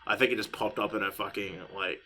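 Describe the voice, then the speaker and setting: A young man chats casually as co-host of a podcast. His voice is bright and forward. He rambles a little, swears freely and talks with lively energy. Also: fairly low pitch, quick pace.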